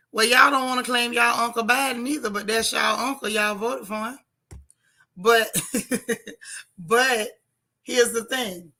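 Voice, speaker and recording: Bright-voiced chatty woman streamer. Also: medium pitch. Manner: chatty, teasing, dramatic exclamations. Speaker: vlog host reading chat. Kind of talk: casual livestream chat.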